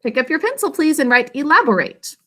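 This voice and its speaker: A woman's voice: sits high, sing-song, pushed and bright. A woman teaching an online literacy lesson over a video call, sounding words out carefully syllable by syllable. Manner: slow, careful syllable-by-syllable enunciation.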